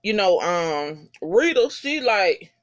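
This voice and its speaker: A vlogger recaps a TV episode in an unscripted, casual way, cursing freely and using plenty of slang. The intonation is lively and jumps up and down often. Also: medium pitch, takes it slowly, muffled recording. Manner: animated, heavy swearing, slangy. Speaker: TV episode reviewer.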